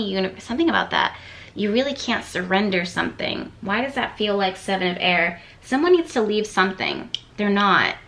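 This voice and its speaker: A woman's voice: mid-range voice, a bit bright. A woman giving a casual tarot reading to camera, thinking aloud and rambling with lots of fillers and repeated words. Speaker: tarot card reader.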